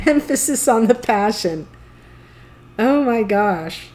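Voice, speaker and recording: Female tarot reader, unhurried and giggly, a touch high-pitched. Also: a little mellow. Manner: playful, giggly and chatty. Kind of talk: tarot reading to camera.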